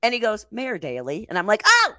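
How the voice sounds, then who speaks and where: A woman's voice: mid-range voice, fairly quick, a crowd in the background. An older woman co-hosting a casual chat show, telling a story with lots of laughter. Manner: animated storyteller, laughs often. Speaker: podcast co-host.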